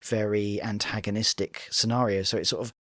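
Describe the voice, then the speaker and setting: A man's voice: lowish voice, steady tone, brisk, fairly bright tone, no room sound, clean studio sound. A man co-hosting a casual reality TV reaction chat, breaking the show down analytically. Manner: analytical, mimics voices in quotes.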